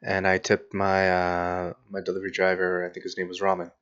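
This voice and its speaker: This gaming vlogger talks in a low, monotone, fairly quick voice that's smooth and a bit bright, though the audio is dull. He keeps up easygoing, filler-heavy commentary as he plays VR boxing and eats pizza.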